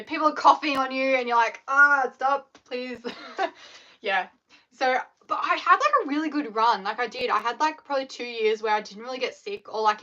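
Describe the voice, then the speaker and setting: A woman's voice: fairly high pitch, pushed and bright. A young Australian woman chatting casually on a live stream, rambling with lots of fillers. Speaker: scrunchie maker live-streaming. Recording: dull lo-fi livestream audio.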